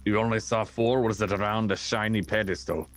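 A man's voice: lowish voice, fairly even intonation, fairly quick, lightly acted. A man playing a blunt adventurer who answers in short, curt lines.

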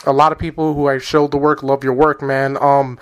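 A man's voice: mid-range voice, flat delivery, fairly quick, smooth. A man hosting a podcast interview, chatty and joking, dropping "man" into his lines. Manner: chatty, jokey, says "man" often. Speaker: podcast host. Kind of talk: casual interview chat. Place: Twin Lakes, Wisconsin.

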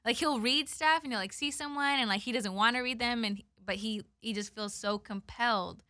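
A woman's voice: on the high side, moderate pace, bright, forceful tone, no room sound, clean studio sound. A woman co-hosting a podcast in easygoing casual chat, filling in with "like". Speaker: podcast co-host.

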